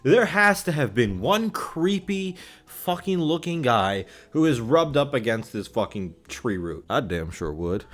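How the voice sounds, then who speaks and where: A young man giving casual, joking reaction commentary as a YouTuber, animated and full of swearing. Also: mid-range voice, measured pace, few pauses.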